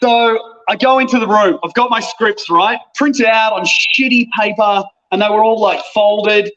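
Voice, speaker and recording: A man, an actor, telling a funny story about himself in a casual, animated way. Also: sits high, normal speed. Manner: self-deprecating, animated. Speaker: actor, guest. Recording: dull lo-fi sound.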